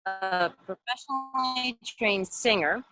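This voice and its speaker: A woman voice actor, a guest on a video call interview, telling stories in a lively way and acting out the voices she quotes. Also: a little high, slow pace, music in the background. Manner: animated storyteller, acts out quoted voices. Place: home in a mountain town.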